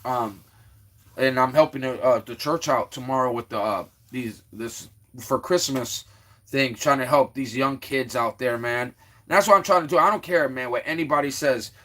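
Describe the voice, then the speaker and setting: A man's voice: mid-range voice, moderate pace, pushed and bright. A man hosting a casual livestream, rambling with lots of fillers and restarts as he greets and teases viewers in the chat. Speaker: livestream host. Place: Florida.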